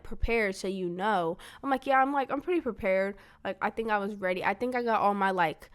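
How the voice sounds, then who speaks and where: A young woman with a smooth, clear voice tells a story to her father in an easygoing family conversation. She rambles, filling her speech with "like" and retelling what others said in quoted dialogue. Her voice sits at an ordinary middle pitch. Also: fairly bright tone. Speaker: daughter talking with her father.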